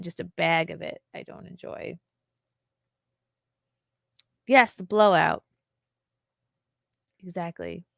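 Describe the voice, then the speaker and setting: A woman's voice: lowish voice, creaky, no echo, studio quality. A woman hosting a casual livestream, candid and chatty, often laughing and reading viewer comments aloud. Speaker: livestream host.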